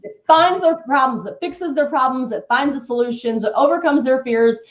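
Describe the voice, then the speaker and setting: A woman's voice: high voice, moderate pace. A woman guest coach on a live webinar, talking emphatically and acting out sales scripts. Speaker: guest real estate coach. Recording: echoey, dull lo-fi stream audio.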